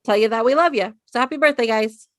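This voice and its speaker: A woman's voice: on the high side, quick pace, dry recording. A young woman co-hosting a fan show, chatting in an upbeat, encouraging way. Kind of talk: casual chat.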